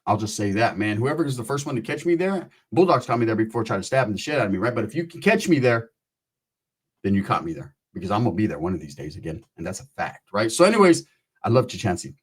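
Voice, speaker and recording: A man telling a profane comic anecdote in an animated way, often tossing in a quick question to the listener. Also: on the low side, slightly rough. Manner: profane, animated, keeps asking "right?". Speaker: storyteller.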